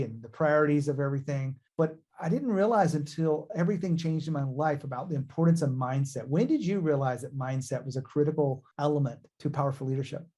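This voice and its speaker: A man's voice: fairly high pitch, a little mellow. A man hosting a business interview podcast, asking questions and adding coaching asides to the listeners. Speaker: podcast host.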